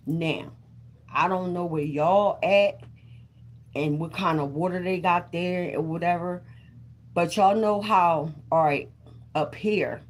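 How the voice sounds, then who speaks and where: Chatty, cussing woman on a livestream. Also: sits low. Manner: chatty, repeats herself, swears freely. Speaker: vlogger on a livestream. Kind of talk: casual live chat to viewers.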